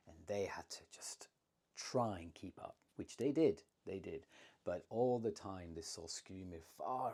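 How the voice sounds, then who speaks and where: A man telling an old myth aloud, unscripted, dropping to a hush at tense moments. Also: deep voice, breathy edge. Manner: unscripted, drops to a hushed tone for tension. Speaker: storyteller. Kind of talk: oral myth storytelling.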